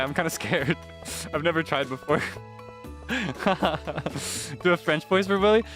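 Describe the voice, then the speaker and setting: A man casually chatting while streaming a farming game, rambling with lots of fillers and quick laughs. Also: fairly high pitch, a bit bright. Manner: rambling, many fillers, giggly.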